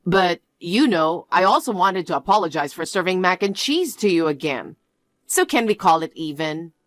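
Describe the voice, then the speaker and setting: A woman doing a quiet, apologetic future mother-in-law. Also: lowish voice, lively intonation, moderate pace, dry recording, studio quality. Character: middle-aged mother, a stern mother-in-law-to-be. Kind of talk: storytelling with acted dialogue.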